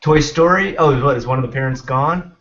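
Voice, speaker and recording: A man's voice: medium pitch, fairly quick, a bit bright. A young man hosting a casual podcast chat, laid-back and rambling, swearing now and then. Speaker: podcast host. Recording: dull lo-fi stream audio.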